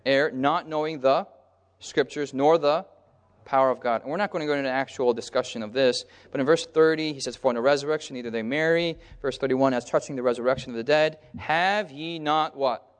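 A man preaching a lively sermon at a middle pitch, stopping mid-verse so his listeners call out the missing word. His voice rings with a long reverb, as in a church hall. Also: smooth. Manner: pauses on a word and asks the listeners "what?" so they call out the answer; lively, acts out the crowds in brief character voices.

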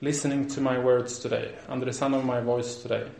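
A man preacher telling a story in a sermon, with a lively, animated delivery and frequent restarts. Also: medium pitch, fairly quick, gravelly. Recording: roomy echo.

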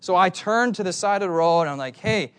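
Animated man preaching a sermon. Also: sits high, fast, clear, resonant tone. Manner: animated storytelling, asks the crowd questions.

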